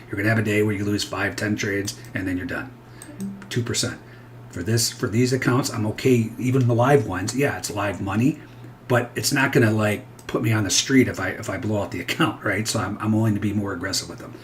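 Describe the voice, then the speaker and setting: A man's voice: fairly low pitch, steady tone, a little fast, slight background noise. A man, a futures trader, talking through his trades live in a rambling, candid way that keeps interrupting itself. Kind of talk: live trading commentary.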